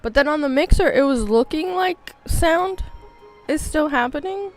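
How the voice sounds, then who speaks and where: Woman in her 30s rambling on stream, kinda high voice, bit of game music behind. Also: animated, measured pace. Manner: rambling, candid and self-mocking. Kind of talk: casual chat while gaming.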